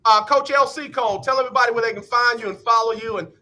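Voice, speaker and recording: A man hosting a casual radio sports talk show, brisk and upbeat, calling on guests by name for their picks. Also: very high-pitched, pushed and bright, slight background noise, low-quality recording.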